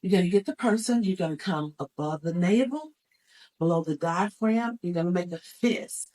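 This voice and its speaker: A woman's voice: lowish voice, animated, moderate pace, dark tone, poor audio. A woman teaching CPR, giving step-by-step instructions and counting the moves aloud as she demonstrates. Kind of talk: hands-on first aid demonstration.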